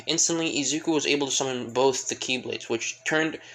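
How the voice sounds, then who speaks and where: A man's voice: medium pitch, brisk, fairly bright tone, poor audio. A man casually retelling a fan fiction story, rambling and repeating fillers. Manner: rambling, fills with "pretty much".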